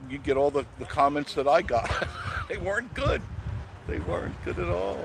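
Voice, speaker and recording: A man's voice: on the high side, expressive, normal speed, gravelly, background noise. A man hosting an unscripted live stream, talking bluntly and chattily and greeting viewers by name as he goes.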